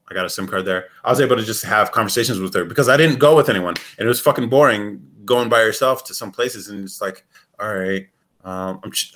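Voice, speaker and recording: Animated, swearing American man chatting. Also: fairly low pitch. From United States. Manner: rambling and animated, swears freely, laughs often. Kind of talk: casual chat.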